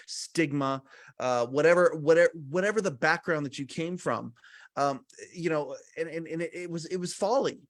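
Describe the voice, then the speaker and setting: Man, forties, energetic podcast talker, emphatic, fairly high voice. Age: 40s. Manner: emphatic, energetic, speaks to listeners directly. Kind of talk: podcast conversation.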